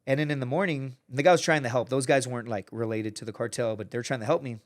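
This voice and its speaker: A man's voice: medium pitch, quick pace. A man from the United States, a podcast guest telling a story in casual talk, swearing freely and acting out the people he quotes. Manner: profane, animated, acts out quoted people.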